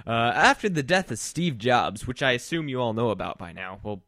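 A man's voice: mid-range voice, big pitch swings, normal speed, fairly bright tone, dry recording, clean studio sound. A young man co-hosting a casual podcast, chatty and jokey as he reads the news. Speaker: podcast co-host reading news. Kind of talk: casual chat.

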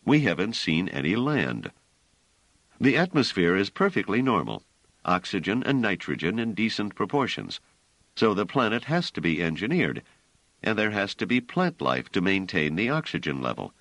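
Man doing a grumpy argumentative guy, deep voice, lots of pitch movement. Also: sing-song, moderate pace, fairly bright tone, no echo, heavily acted. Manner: curt, argumentative. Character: irritable, brooding man, ship's captain type. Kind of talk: audiobook character voice.

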